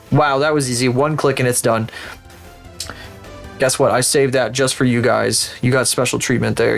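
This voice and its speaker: A man with a creaky, medium-pitched voice streams live while working through 3D rigging. He chats with his viewers in a rambling, sarcastic way and swears a lot.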